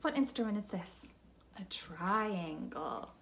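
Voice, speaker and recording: A young woman teacher giving a slow, patient music lesson to children, asking them simple questions. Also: medium pitch, sing-song, vocal fry, slight background noise.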